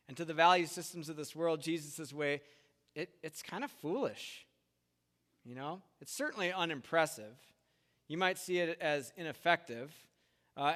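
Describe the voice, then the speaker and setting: A man with a slightly high voice preaches a sermon in a church hall with long reverb. He talks in a casual, conversational way and acts out the voices of the people in his stories. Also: clear, resonant tone. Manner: conversational, animated retellings with acted quotes. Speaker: pastor. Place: church sanctuary.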